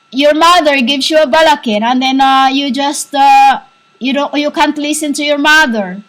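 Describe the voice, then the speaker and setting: A woman giving a rambling spiritual monologue, halting and repetitive, scolding her listeners as "humans". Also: sits high, a bit bright, poor audio. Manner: scolding, insistent. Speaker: self-styled spiritual teacher.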